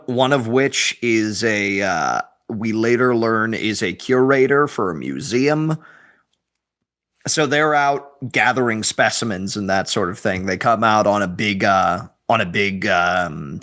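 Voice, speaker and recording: Guy with a bright voice slowly walking through a movie plot, lots of ums. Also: medium pitch. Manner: unhurried plot recap with fillers. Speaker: film review co-host. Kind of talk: casual film review chat.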